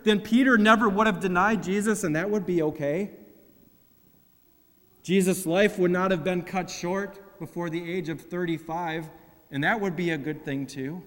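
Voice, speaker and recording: A man preaching a sermon, reading scripture and swinging between loud, emphatic lines and hushed, drawn-out ones. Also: high voice, fairly even intonation. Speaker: pastor. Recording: long hall reverb.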